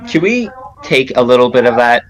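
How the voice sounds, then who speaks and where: A man's voice: medium pitch, very animated, normal speed, muffled recording. A man playing a tabletop game, asking questions with frequent restarts. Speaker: player. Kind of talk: casual chat in a tabletop game.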